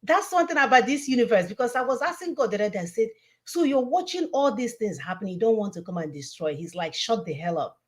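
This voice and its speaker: A woman's voice: fairly high pitch, very animated, fast. A woman giving an impassioned, preachy political talk with emphatic, repeated warnings. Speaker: online show co-host.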